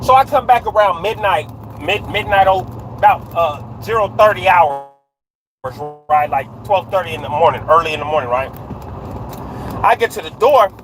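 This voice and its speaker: High-voiced man telling a street story. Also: lively intonation, moderate pace, a bit bright, slight background noise, rough recording. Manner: street slang, frequent "right?" tags, greets viewers mid-story. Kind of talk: casual storytelling livestream. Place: inside a car on a dark road at night.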